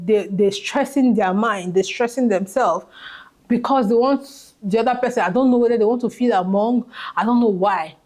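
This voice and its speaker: A woman's voice: medium pitch, warm tone. A woman with a Nigerian accent giving advice in a casual vlog, emphatic and repeating key phrases for stress. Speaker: vlogger.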